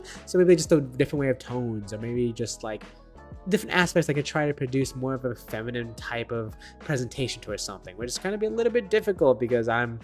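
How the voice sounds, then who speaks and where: A young man talking casually to camera as a dungeon master, rambling and self-deprecating with nervous laughs, into a desk microphone. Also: mid-range voice.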